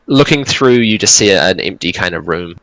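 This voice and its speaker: Guy dming a tabletop game, lowish bright voice, dry close mic, lots of ums. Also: normal speed, dry recording, poor audio. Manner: relaxed, hesitant, many fillers. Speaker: dungeon master.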